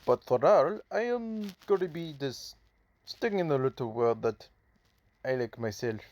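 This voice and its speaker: A man voicing a mysterious, boastful male superhero in a put-on Russian accent, speaking in halting, self-correcting bursts. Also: medium pitch, lively intonation, darkish tone, lightly acted. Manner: halting, boastful, restarts often. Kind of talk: amateur voiced storytelling.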